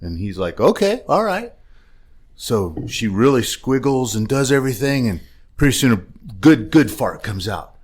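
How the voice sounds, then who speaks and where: A man with a lowish voice co-hosts a laid-back podcast. He tells jokes in a lively, animated way. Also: normal speed, breathy edge. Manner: animated storyteller, laughs at own jokes. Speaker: podcast co-host. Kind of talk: casual chat.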